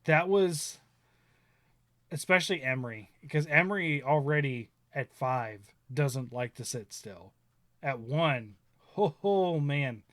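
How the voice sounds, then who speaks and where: A man's voice: medium pitch, takes it slowly, fairly bright tone, no echo, clean studio sound. A man in his thirties, chatting casually and telling rambling stories, often laughing and acting out quotes. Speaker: stream host. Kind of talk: casual chat.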